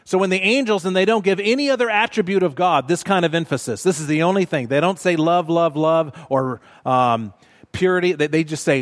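A man preaching a sermon in a church, measured and emphatic, repeating words for stress. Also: a little high. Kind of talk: sermon teaching. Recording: long reverb of a large hall.

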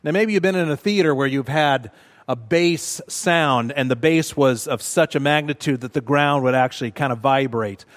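A man preaching a sermon in a church, measured and emphatic, repeating words for stress. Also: mid-range voice. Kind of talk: sermon teaching. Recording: long reverb of a large hall.

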